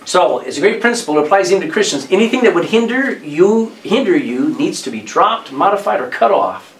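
A man's voice: sing-song, brisk, a little hiss or hum. Male preacher in an echoey hall. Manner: conversational, rises in pitch and volume on key points. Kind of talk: sermon with storytelling. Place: church hall with congregation. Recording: echoey room, distant mic, faint background.

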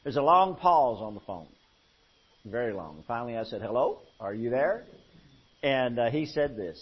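A man's voice: mid-range voice, big pitch swings, normal speed, slightly rough. Folksy male preacher, muffled recording. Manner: folksy storytelling with swings from hushed to loud. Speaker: pastor. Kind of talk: sermon.

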